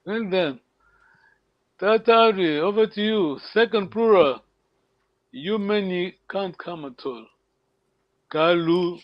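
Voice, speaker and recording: A man teaching an online language lesson, patient and encouraging, repeating words slowly for his students. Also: high voice, dry recording. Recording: dull lo-fi call audio.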